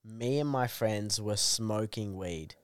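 A man, a guest comedian chatting casually and swearing as he gets excited. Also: on the low side, takes it slowly, clear, resonant tone, no room sound, studio quality. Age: 20s. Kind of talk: casual chat.

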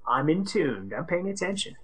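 A woman's voice: fairly low pitch, big pitch swings, moderate pace, slightly rough. A woman co-hosting a radio show, chatting playfully and cracking jokes. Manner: playful, jokey, puts on silly voices. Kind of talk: casual radio banter.

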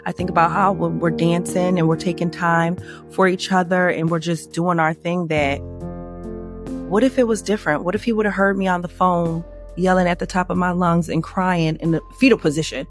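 Animated woman telling her story, candid and lively. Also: moderate pace, music in the background. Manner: animated, acts out quoted dialogue in a higher voice. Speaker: podcast guest.

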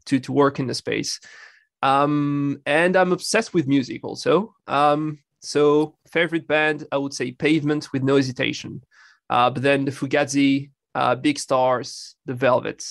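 A man's voice: mid-range voice, gravelly, no room sound, studio quality. A man from France with a French accent, speaking as a guest on a casual podcast, friendly and self-deprecating. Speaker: guest, law professor.

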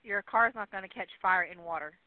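Brisk, impatient female 911 dispatcher, scolding tone, fast delivery, phone-line quality. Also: mid-range voice, no echo. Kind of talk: emergency call dispatching.

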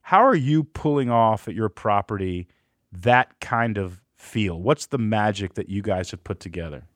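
Energetic male podcast host, dry studio sound. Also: lowish voice, dry recording. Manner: energetic, storytelling, quick bursts. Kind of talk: enthusiastic interview podcast talk.

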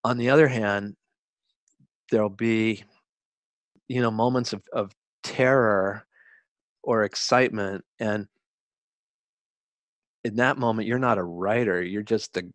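A man in his sixties, a guest writer telling stories in an interview, reflective and halting, with frequent restarts. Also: on the low side, fairly even intonation, no room sound. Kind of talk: interview conversation.

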